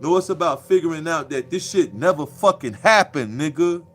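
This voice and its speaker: Guy ranting, cussing a lot, kinda preachy and mocking, slightly high voice, faint music behind. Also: animated, moderate pace, fairly bright tone. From Chicago. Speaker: commentator. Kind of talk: casual monologue.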